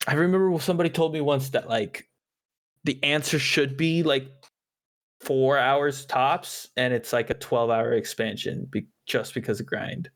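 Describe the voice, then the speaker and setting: A man co-hosting a podcast in casual chat, animated and joking, swearing casually. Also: medium pitch, normal speed. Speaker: podcast co-host.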